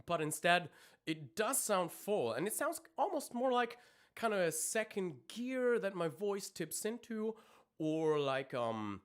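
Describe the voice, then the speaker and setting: High-pitched and sing-song with a clean tone, the coach speaks at a measured pace as he explains singing technique in a live-streamed lesson. He ums and restarts frequently and stops to demonstrate screams.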